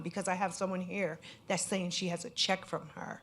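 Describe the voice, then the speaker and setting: Woman from connecticut telling her story on a panel, earnest, lots of "you know", kinda low voice. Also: fairly even intonation, a little fast, few pauses, fairly bright tone. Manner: earnest, candid, with many "you know" fillers. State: at times emotional. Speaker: scam victim speaking on a panel. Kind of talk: personal testimony at a panel event.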